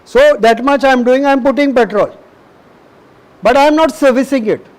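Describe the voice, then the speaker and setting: A man's voice: very high voice, moderate pace, darkish tone, rough recording. A middle-aged man preaching a sermon, emphatic and repetitive, often asking the audience questions.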